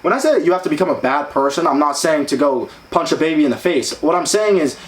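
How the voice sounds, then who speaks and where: A man's voice: fairly high pitch, lively intonation, fast talker, reverberant, low-quality recording. A young man co-hosting a motivational podcast, brash and profane, preaching with lots of "bro". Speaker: co-host. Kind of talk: casual motivational podcast chat.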